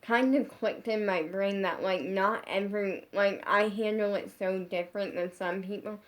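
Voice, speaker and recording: A woman's voice: mid-range voice, fairly even intonation, moderate pace. A woman creator chatting casually to her viewers in her bedroom, rambling with constant 'like' and restarts. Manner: rambling, heavy use of 'like', frequent restarts. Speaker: social media creator. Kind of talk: casual storytime vlog.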